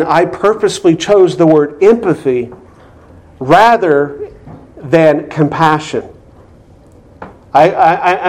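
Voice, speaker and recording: A man's voice: high-pitched, darkish tone. Earnest male pastor preaching a sermon. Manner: earnest, emphatic teaching with repetition. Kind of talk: expository sermon.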